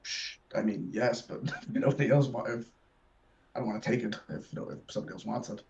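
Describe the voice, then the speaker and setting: A man playing a tabletop game, speaking in a halting, self-correcting way. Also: mid-range voice, muffled recording, background noise. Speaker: player.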